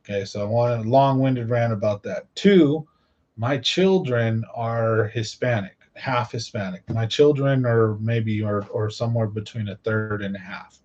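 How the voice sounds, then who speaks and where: A man's voice: medium pitch, measured pace, a little mellow. Rambling middle-aged man, dull lo-fi sound. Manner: rambling, filler-heavy, repeats "right?". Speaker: host. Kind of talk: casual monologue commentary.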